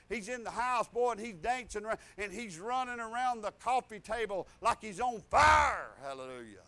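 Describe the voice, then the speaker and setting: Older preacher man, very high voice, folksy and rambling, drops a hallelujah between stories. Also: fairly bright tone. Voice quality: high-pitched. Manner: rambling storytelling with laughs and hallelujahs. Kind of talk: folksy sermon.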